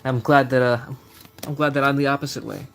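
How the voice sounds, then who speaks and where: A man's voice: mid-range voice, level tone, fairly quick, fairly bright tone, a little hiss or hum. A young man chatting casually on a live stream, reading out card names as he opens packs and answering his chat. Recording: faint music behind the voice.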